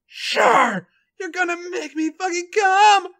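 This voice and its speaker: A man voicing an eager Irish woman wrestler in a put-on Irish accent, with slow, drawn-out falsetto cries and grunts. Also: lively intonation, creaky, sharp tone, full character voice. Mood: breathless, eager.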